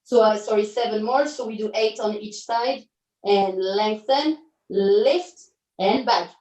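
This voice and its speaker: A woman pilates instructor leading an online class, cueing moves and counting reps in an upbeat way, with quick self-correcting asides. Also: mid-range voice, a little mellow. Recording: roomy audio from a distance.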